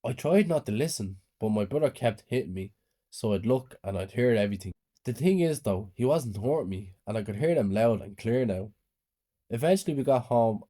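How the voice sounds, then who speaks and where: A man calmly narrating a scripted first-person horror story. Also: mid-range voice, moderate pace.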